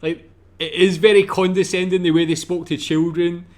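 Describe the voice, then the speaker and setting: A man hosting a reaction video, commenting in a relaxed, chatty way. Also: sits high, normal speed. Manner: laughs a lot, relaxed and chatty.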